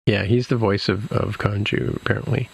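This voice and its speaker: Man with a low, gravelly voice. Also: fairly even intonation, moderate pace. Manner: rambling, many restarts and "you know" fillers. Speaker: podcast host. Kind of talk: casual episode recap.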